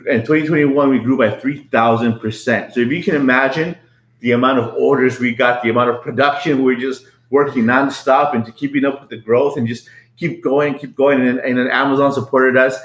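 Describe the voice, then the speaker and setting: A middle-aged man, a business owner, telling his story as a podcast guest in a lively, casual way, often repeating words and acting out what people said. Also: moderate pace. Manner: animated, repeats words, acts out quotes in a higher voice. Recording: roomy echo.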